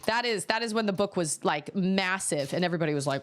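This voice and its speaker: This thirtysomething streamer has a fairly low voice and talks animatedly at a quick pace, barely pausing. Chatting casually as she builds, she laughs frequently and lets out abrupt exclamations.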